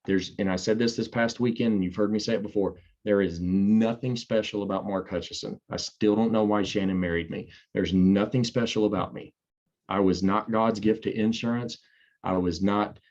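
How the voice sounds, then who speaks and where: Thirties guy pumping up sales agents on a call, low voice, kinda muffled lo-fi audio. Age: 30s. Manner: energetic, animated, acts out quoted voices. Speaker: insurance sales trainer. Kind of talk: motivational talk on a call.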